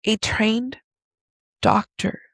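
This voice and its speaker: A woman podcast host slowly telling a personal, emotional story in a confessional way. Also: fairly high pitch, fairly even intonation, no echo.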